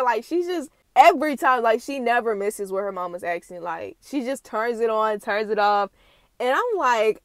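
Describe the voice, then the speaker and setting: A woman's voice: a little high, fairly bright tone, no echo. A young woman hosting a casual reaction recap, chatty and slangy, laughing often. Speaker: reaction channel host.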